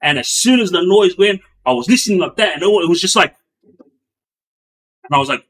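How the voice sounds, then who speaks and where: A middle-aged man, a former gang member, casually telling prison stories in an animated way, acting out sounds and quotes with lots of fillers. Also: fairly quick, long pauses. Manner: animated, acts out sounds and quotes with bursts of raised pitch; many fillers and restarts, loose slangy delivery. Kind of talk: casual storytelling.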